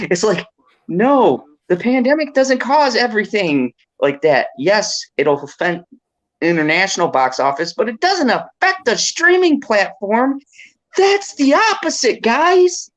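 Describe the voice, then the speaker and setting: A man hosting a casual podcast, ranting excitedly and laughing often. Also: on the high side.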